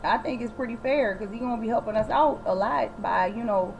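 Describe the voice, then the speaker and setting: A cold male vampire brushes things off in a flippant, drawling way, as a woman puts him on. The voice sits a little high. The recording carries a faint hiss. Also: a little fast, gravelly, darkish tone, dull audio. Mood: dismissive.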